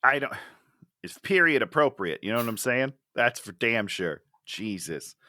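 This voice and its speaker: A man in a casual movie-review conversation, mocking the story and slipping into exaggerated voices for the characters. His voice is bright and swings widely in pitch. The sound is dry and close. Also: expressive, normal speed, dry recording. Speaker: podcast co-host.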